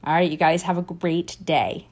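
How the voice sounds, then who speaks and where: In a laid-back doodling lesson, a drawing teacher talks through each pencil stroke at a normal pace and a fairly low pitch. She thinks aloud as she draws and keeps the encouragement flowing.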